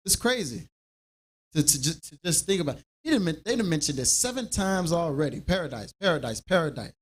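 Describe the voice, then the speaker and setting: Teaching a scripture class, the man preaches with energy and plays out everyday exchanges to illustrate his message. His voice is a little high and his delivery brisk.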